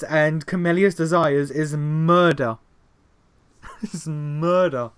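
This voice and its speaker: A man's voice: fairly high pitch, takes it slowly, a bit bright, clean tone. A man streaming a game, reading its text aloud and reacting with swearing and laughs. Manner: swears freely, laughs at the story.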